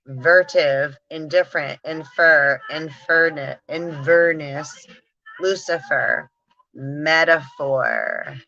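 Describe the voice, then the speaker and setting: A woman hosting a casual metaphysical talk, reading long word lists aloud slowly and giggling between them. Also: sits low, fairly even intonation, bright, forceful tone, lo-fi sound. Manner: slow, drawn-out word reading with frequent giggles. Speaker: spiritual channel host.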